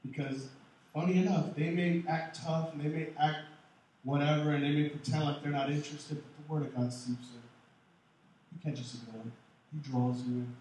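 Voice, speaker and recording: Animated male pastor in an echoey church. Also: fairly high pitch, normal speed, slight background noise. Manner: animated preaching, swings loud and soft. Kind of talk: sermon. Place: large church hall. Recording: echoey hall, mic far off.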